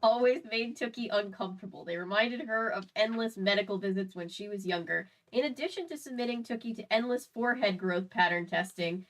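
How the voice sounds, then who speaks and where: A woman's voice: medium pitch, fairly quick, few pauses, low-quality recording. A woman from the US South hosting a podcast, reading a novel aloud and breaking off for chatty, sarcastic asides. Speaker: podcast host.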